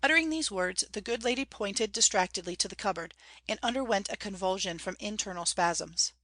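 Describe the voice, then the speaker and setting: A woman reading a classic novel aloud as audiobook narration, measured and clear. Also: medium pitch, bright, forceful tone, dry recording. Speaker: audiobook reader.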